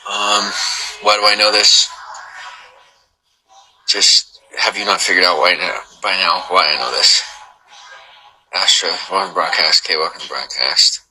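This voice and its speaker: A man's voice: sits low, fairly even intonation, a little slow, long pauses, sharp tone, slightly rough, low-quality recording. A man hosting a livestream, chatting casually with viewers and rambling with joking asides. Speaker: livestream host.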